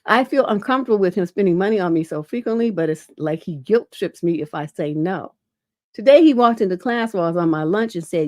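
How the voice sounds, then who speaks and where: A woman's voice: fairly low pitch, animated, quick pace, a little mellow, no echo, studio quality. A middle-aged woman relationship coach on a livestream, reading viewer questions aloud and answering them bluntly and casually, with a lingering cough. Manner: blunt, casual, peppered with "you know".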